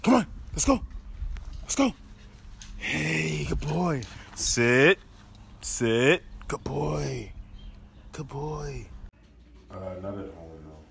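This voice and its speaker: A man's voice: medium pitch, big pitch swings, slow pace, vocal fry, a bit bright, a little hiss or hum. A young man vlogging with his puppy, coaxing and praising it in a playful, sing-song way. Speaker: vlogger and dog owner. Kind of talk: casual vlog, talking to his puppy.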